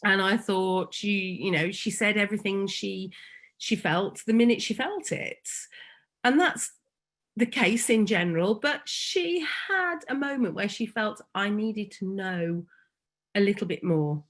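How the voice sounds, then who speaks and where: A woman, a foster carer telling a heartfelt personal story, slow and emotional with frequent pauses. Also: mid-range voice. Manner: slow and emotional, pausing often.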